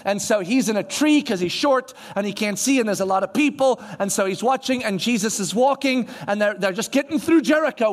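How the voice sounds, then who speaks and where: A young man preaching a sermon, telling the story in a lively way and acting out the people in it. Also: high-pitched, fast, few pauses. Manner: animated storytelling, acting out characters.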